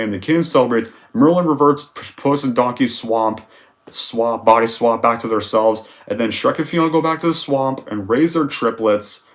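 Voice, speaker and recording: A man delivers an irritated film review rant at a mid-range pitch. He sounds fed up and emphatic, and he swears freely as he builds up his complaints. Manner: exasperated, emphatic ranting with swearing. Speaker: movie reviewer.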